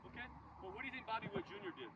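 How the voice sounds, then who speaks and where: Man in his 40s, ex-pro ballplayer pepping up a kids' team, very high voice, lively storyteller, recorded from far off outdoors with noise behind. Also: very fast, muffled recording. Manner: animated storyteller, asks the kids questions, shouts quoted chants. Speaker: former pro baseball player speaking to a youth team. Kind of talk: motivational talk to kids.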